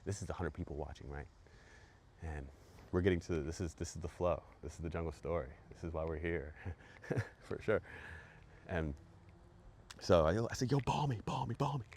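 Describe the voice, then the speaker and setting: A man's voice: rumbling low, fairly even intonation, normal speed, a little mellow. A man hosting a podcast, telling a profane, hyped story full of repetitions. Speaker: podcast host. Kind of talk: storytelling monologue.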